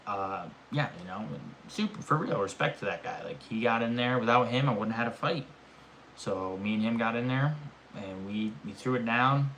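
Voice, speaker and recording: A young man streaming live, telling a rambling, animated story in casual chat and swearing often. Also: medium pitch, normal speed, a little hiss or hum.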